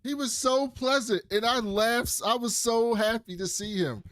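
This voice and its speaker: A man's voice: very high voice, unhurried, fairly bright tone, no room sound, studio quality. A man co-hosting a casual podcast, recapping a TV episode and acting out the characters' lines in playful voices. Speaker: podcast co-host.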